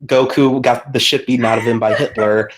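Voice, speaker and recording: A man's voice: medium pitch, steady tone, fairly quick, a little hiss or hum, low-quality recording. A man co-hosting a podcast, telling a long story in casual chat with lots of fillers and swearing. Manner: rambling storyteller, heavy swearing, many fillers. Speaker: podcast co-host.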